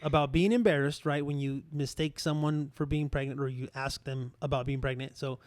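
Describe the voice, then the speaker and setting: A young man in his twenties co-hosting a podcast, telling an embarrassing story in a rambling, animated way full of fillers and restarts. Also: medium pitch, fairly quick, no room sound. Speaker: podcast co-host. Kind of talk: casual storytelling.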